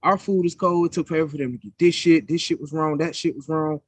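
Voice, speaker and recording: A man's voice: a little high, fast, no room sound. A young man co-hosting a podcast, telling stories in a casual, profane, heated way. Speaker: podcast co-host. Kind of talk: casual chat.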